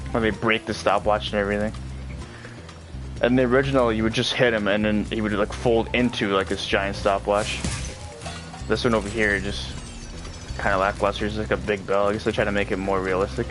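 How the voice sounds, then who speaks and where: A man with a low voice gives relaxed, rambling commentary while playing a game. He fills his talk with "like" and drifting asides. Game music plays clearly behind him. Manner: rambling, with frequent filler "like". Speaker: let's play commentator. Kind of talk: casual gameplay commentary.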